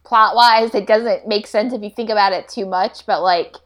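A woman's voice: mid-range voice, steady tone, normal speed, fairly bright tone. A woman co-hosting a podcast, rambling casually and filling her talk with "like" and "you know". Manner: rambling, says "like" constantly. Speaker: podcast co-host. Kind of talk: casual chat.

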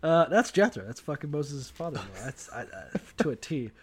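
A man's voice: medium pitch, big pitch swings, moderate pace, a little hiss or hum. A man co-hosting a podcast, chatting casually and profanely, laughing often and slipping into mock voices. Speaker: podcast co-host. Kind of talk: casual comedic chat.

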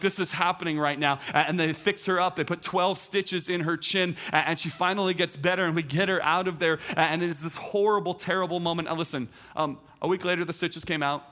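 A man's voice: a little high, pushed and bright. A teaching pastor in his thirties giving a conversational sermon, telling a personal story with lots of restarts and "like".

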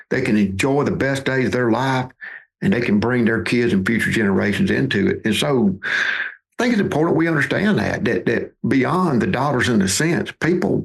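Gravelly man in his fifties. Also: medium pitch. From Mississippi, USA. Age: 50s. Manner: folksy, repeats words as he restarts. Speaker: podcast guest, duck hunting outfitter. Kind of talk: conversational storytelling.

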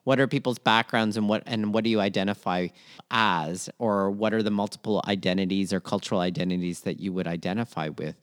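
A man in his forties, co-hosting a casual podcast. He reflects and gives advice in a calm, thoughtful way. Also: fairly low pitch, a little fast, clear, resonant tone. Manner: reflective, gives advice, frequent short agreement. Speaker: podcast co-host.

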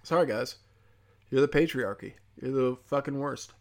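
A man's voice: medium pitch, normal speed. A young man doing a profane, heated ranting monologue as a comedian podcast host, slipping into mocking quoted voices.

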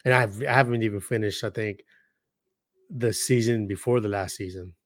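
A man co-hosting a podcast in casual chat, talking in an excitable, slangy way and acting out scenes as he goes. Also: lowish voice, normal speed, dry recording, clean studio sound. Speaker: podcast co-host.

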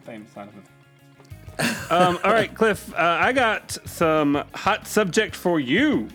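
A man's voice: high voice, very animated, slow pace, a bit bright, faint music behind. Playful, chatty male radio co-host. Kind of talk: comedic radio banter.

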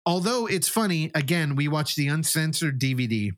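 A man's voice: on the high side, moderate pace, no echo, studio quality. A man co-hosting a podcast, chatting casually and telling long, rambling stories full of acted-out reactions. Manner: animated, rambling storytelling with quoted reactions. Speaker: podcast co-host. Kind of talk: casual chat.

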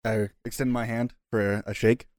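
A man's voice: mid-range voice, flat delivery, normal speed, a little mellow, dry recording, clean studio sound. A man playing a tabletop game, laid-back and casual. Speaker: player.

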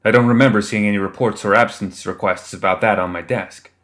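This is a gruff, impatient official who barks and growls every order, as a male narrator voices him. The low voice snaps out each demand for a fantasy audiobook. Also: steady tone, a little fast, fairly bright tone, natural voice. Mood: snapping. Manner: snapping, growling, barking orders. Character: angry blustering male governor general, bureaucrat. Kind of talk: audiobook character voice.

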